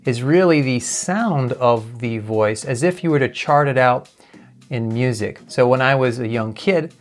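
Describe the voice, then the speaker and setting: A man teaching as a communication coach, explaining clearly and sometimes imitating sounds to demonstrate. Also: medium pitch, unhurried, faint music behind. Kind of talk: talking-head lesson.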